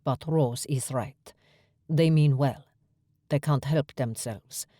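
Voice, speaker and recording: A woman voicing a calm, gentle male Viking vampire in an audiobook, speaking low and measured. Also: dry recording, studio quality, full character voice. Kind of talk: audiobook character voice.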